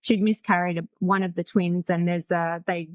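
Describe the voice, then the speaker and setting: A woman in her forties recounts her own story as a podcast guest, chatty and frank, laughing easily. Her voice sits on the low side. The recording is dry and close. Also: steady tone, normal speed, no echo. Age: 40s. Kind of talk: casual storytelling.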